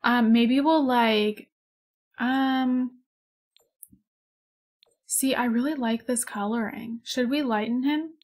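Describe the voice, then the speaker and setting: A woman's voice: fairly high pitch, steady tone, slow, long pauses, a little mellow. A young woman in her twenties chatting casually over gameplay, rambling, giggling and gushing over cute animals. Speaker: gaming YouTuber. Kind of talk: casual let's-play chat.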